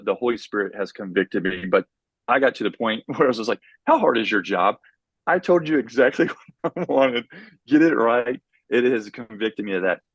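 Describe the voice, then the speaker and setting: A middle-aged man, a college track coach, talking in a casual podcast interview with an intense, motivational drive and many quick restarts. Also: on the low side, a bit bright, no room sound, lo-fi sound.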